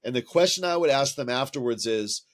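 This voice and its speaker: Male teacher co-host, mid-pitched, patient explainer, casual chat. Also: expressive, a little fast. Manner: explains patiently, taps out rhythms aloud.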